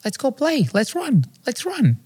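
A man's voice: very high voice, wildly swooping pitch, unhurried, a little mellow, husky, pitched above the performer's own voice, exaggerated voice. A man voicing his two-year-old son, eager and restless, begging in an insistent childlike whine. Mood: pleading. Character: toddler boy, eager and restless.

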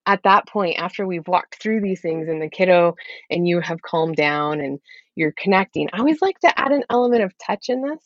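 A woman working as a parenting coach, explaining her method in a steady, instructive way. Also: fairly low pitch, dry recording. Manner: steady, instructive, lays out steps. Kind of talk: explaining in an interview. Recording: slightly dull lo-fi audio.

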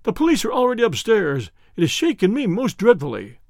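A man's voice: sits high, sing-song, vocal fry, dry recording, clean studio sound, exaggerated voice. A man voicing a shaken doctor who talks in an agitated rush. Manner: agitated, rushed. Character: shaken, frantic male doctor.

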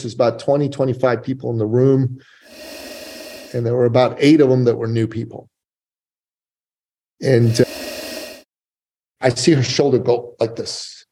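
Male podcast guest, warm voice, animated storyteller. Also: medium pitch. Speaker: guest, business coach and author.

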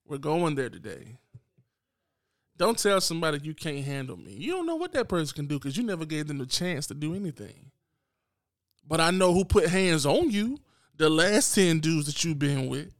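A man's voice: on the high side, very animated, normal speed, dry recording, studio quality. Blunt man ranting on a podcast. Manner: blunt, unapologetic, talks straight to listeners. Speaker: podcast host. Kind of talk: solo podcast rant.

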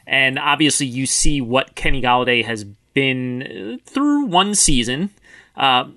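Bright-voiced male football podcast co-host. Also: mid-range voice, animated, measured pace, no room sound, studio quality. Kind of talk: casual sports podcast chat.

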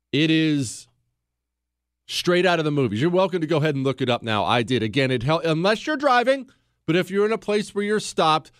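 This history podcast host has a fairly high-pitched voice and narrates in a relaxed, chatty style. He addresses listeners directly and drops in asides, all in studio-quality sound with no room noise.

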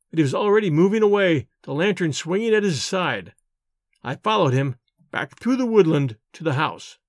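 A man narrating a novel aloud in an expressive, measured reading. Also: high-pitched, dry recording, clean studio sound. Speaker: audiobook narrator.

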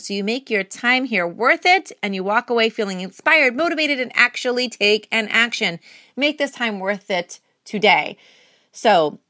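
A woman hosts her own podcast, speaking close to the mic in an upbeat, encouraging, chatty manner with easy fillers. Her voice is bright and sits a little high for a woman. The sound is dry, with no room around it. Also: no room sound. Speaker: podcast host. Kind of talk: solo podcast outro, motivational.

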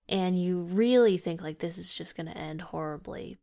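A woman's voice: lowish voice, normal speed, vocal fry, hardly any pauses, a little mellow, clean tone. A woman co-hosting a podcast, chatting casually about a horror movie, playful and teasing. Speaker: podcast co-host. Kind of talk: casual movie review chat.

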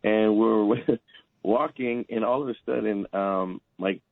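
A man's voice: lowish voice, takes it slowly, creaky, dry recording, phone-quality sound. A man in his forties, a guest on a chat show, telling long rambling family stories with many fillers and chuckles. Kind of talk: casual storytelling.

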